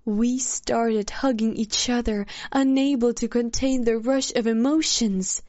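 A woman narrates a story in an unhurried, measured voice that sits a little high. Her tone is softly earnest, and the recording sounds dry and somewhat dull. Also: steady tone, no room sound. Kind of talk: scripted narration.

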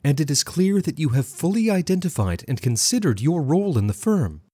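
A firm woman tutor in a storybook, commanding and encouraging, her lines lifted a little higher and full of lively swings, as a narrator puts her on. The husky voice sits close and dry. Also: fairly quick, no room sound. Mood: coaching. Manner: commanding, coaching.

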